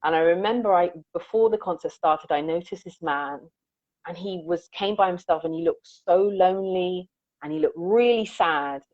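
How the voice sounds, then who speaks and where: A woman guest on an interview, talking about her music in a reflective, earnest way and acting out the lines she quotes. Her voice sits fairly low. The audio is dull and dry, like a remote call. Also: normal speed, no room sound. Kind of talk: conversational interview storytelling.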